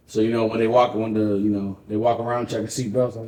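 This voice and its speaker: A man's voice: fairly low pitch, fast talker. Man telling a story in an echoey room. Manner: animated, profane, acts out dialogue. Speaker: podcast co-host. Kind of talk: casual chat, storytelling.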